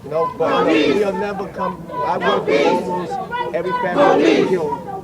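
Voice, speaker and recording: A community activist giving a fervent, animated speech at an outdoor march. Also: medium pitch, normal speed. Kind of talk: protest speech to camera. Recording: loud crowd and street noise. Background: crowd.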